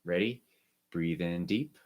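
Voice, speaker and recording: A man teaching an online music lesson, guiding students through breathing and warm-up exercises with short, encouraging instructions. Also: low-pitched, slow, a little hiss or hum.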